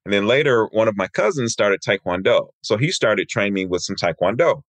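A man's voice: lowish voice, a little fast, no room sound. A man in his fifties from Michigan, a martial arts instructor, telling stories as an interview guest and acting out the people he quotes. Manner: lively storyteller who acts out quoted people.

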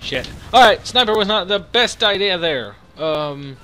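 A young man hosting his own channel, giving excitable, profanity-laden live commentary while playing a game. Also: high voice, a little slow, few pauses, faint music behind. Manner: excitable, swears a lot, reacts loudly. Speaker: gaming channel host.

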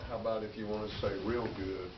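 A man's voice: on the low side, fairly even intonation, quick pace. A man in a class, asking the teacher curious, hesitant questions. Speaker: student. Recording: distant echoey lo-fi classroom recording with noise.

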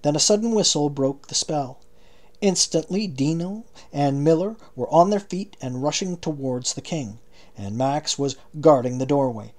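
A man narrating an audiobook in a steady, measured way. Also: a little high. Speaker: audiobook reader.

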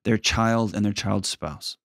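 A man hosting a call-in advice show, talking bluntly and with animated emphasis. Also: fairly low pitch, unhurried, no room sound, clean studio sound. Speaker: host.

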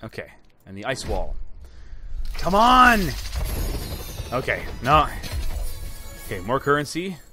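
A man's voice: mid-range voice, wildly swooping pitch, slow, pauses often, faint music behind. Gleeful young man opening loot boxes. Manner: gleeful, exclaims loudly at good items; chatty, addresses viewers as guys. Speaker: gaming YouTuber. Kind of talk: excited loot box opening commentary.

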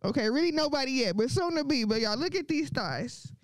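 A woman works through a crude stand-up comedy set, brash and unfiltered, laughing often between her lines. Her pitch swings widely as she talks. The sound is dry and close, with no room around it. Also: animated, a little fast, dry recording.

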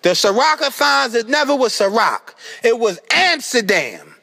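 High, lively man ranting. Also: a little slow, gravelly. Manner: animated, exasperated, swearing constantly, breaks into yelling. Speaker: comedic rapper doing an outro skit. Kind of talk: profane comedic rant.

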